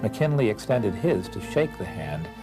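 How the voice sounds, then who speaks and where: A man narrating a history documentary in a measured, deliberate way. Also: fairly low pitch, big pitch swings. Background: music.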